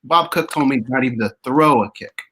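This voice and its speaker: A man's voice: mid-range voice, a little fast, bright, forceful tone, husky, rough recording. A man hosting a radio show, asking questions in a chatty, friendly way. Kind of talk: casual interview questions.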